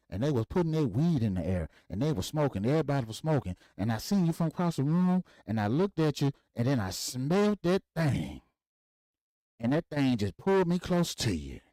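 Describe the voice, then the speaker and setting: A man playing his loud, jovial older father, talking in a boisterous, folksy way. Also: on the high side, no room sound, voice pushed up.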